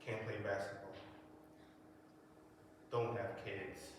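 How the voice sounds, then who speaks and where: A man's voice: on the low side, level tone, slow, noisy background. A young man giving a personal testimony in church, telling his story plainly and acting out the voices he quotes. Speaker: guest speaker giving testimony. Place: church sanctuary. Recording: echoey church hall from far off.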